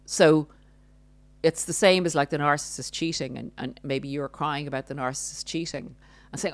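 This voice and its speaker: A woman with a low voice explains things earnestly and adds the odd wry aside. The sound is dry and close, with no room echo. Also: fairly even intonation, moderate pace. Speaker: host. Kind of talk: explanatory talk on narcissistic abuse.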